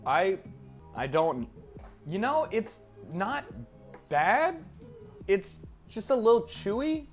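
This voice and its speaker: A young man streaming himself cooking, chatting casually in a joking, profane, rambling way with sudden loud outbursts. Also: high-pitched, very animated, slow, faint music behind. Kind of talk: casual live-stream chat while cooking.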